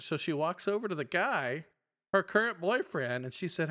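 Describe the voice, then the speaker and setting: A man co-hosting a podcast in casual chat, retelling stories with lively acted-out voices. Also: sits high, normal speed. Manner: animated storyteller acting out voices. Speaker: podcast co-host.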